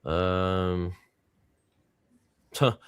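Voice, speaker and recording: A man's voice: sits low, very slow, clean tone, dry recording, clean studio sound. A man hosting a casual panel chat, rambling a bit, chuckling often and reading out viewer comments. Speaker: panel host.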